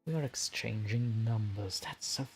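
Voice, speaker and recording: A man's voice: on the low side, unhurried, faint music behind. A man chatting on a live stream as host, scattered and self-mocking, laughing at his own slip-ups. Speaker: streamer, horror story narrator. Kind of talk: casual live-stream chat.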